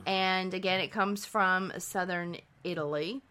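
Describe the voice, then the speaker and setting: A woman's voice: lowish voice, fairly even intonation, unhurried, bright, forceful tone. A woman co-hosting a medical preparedness podcast, reading out background facts in a friendly, conversational way. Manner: reads facts aloud, friendly back-and-forth. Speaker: nurse practitioner co-host.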